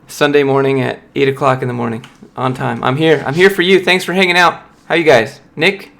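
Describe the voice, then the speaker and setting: A man's voice: medium pitch, fairly even intonation, a little fast, creaky, a bit bright. A young man on a casual livestream, reading and answering viewer chat in a blunt, motivational way. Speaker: streamer, software developer.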